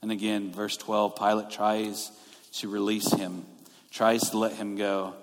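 A man's voice: lowish voice, level tone, a little slow. A male pastor preaching a sermon in a conversational way, explaining scripture verse by verse. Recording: long reverb of a large hall.

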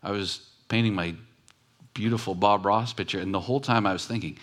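Low-voiced man preaching a sermon. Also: fairly even intonation, a little fast, a bit bright. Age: adult with children. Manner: conversational, emphatic preaching with repetition. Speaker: pastor.

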